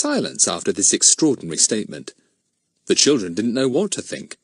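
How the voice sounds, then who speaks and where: A man narrating a children's audiobook with expressive storytelling. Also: lowish voice, a little fast, slightly rough, no room sound. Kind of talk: scripted narration.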